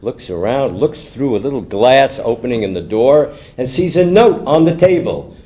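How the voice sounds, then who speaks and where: Animated older male joke teller. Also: mid-range voice, moderate pace. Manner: animated storyteller. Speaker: stand-up comedian. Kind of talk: joke telling to a live audience.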